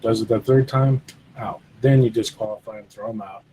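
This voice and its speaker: A man's voice: fairly low pitch, fairly even intonation, fairly quick, mellow, a little hiss or hum, low-quality recording. A man co-hosting a casual gaming podcast, talking bluntly and steadily as he reasons things out. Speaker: podcast co-host. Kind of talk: casual chat.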